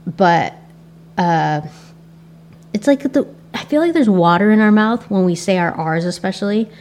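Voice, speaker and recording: A woman's voice: medium pitch, animated, a little slow, a little mellow. A young adult woman with an Asian American accent hosting a casual solo podcast, reflective and rambling with frequent restarts. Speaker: podcast host.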